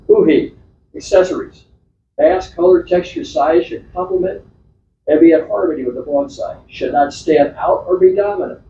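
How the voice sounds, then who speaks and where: A man presents slides at a club meeting in a chatty, rambling way, stumbling over restarts as he points things out. His mellow, lively voice comes from a distance in an echoey room. The recording is dull and muffled. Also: a little high, slight background noise.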